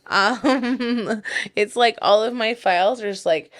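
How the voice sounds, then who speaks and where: Lady cohost laughing a lot, slow easygoing talk, playful. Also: medium pitch. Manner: giggly, playful storyteller. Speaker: podcast co-host. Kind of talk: casual chat.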